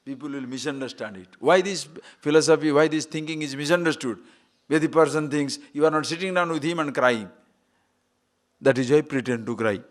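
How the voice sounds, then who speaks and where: A man's voice: fairly high pitch, brisk. A man giving a spiritual talk, playful and laughing often, asking rhetorical questions. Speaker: spiritual teacher.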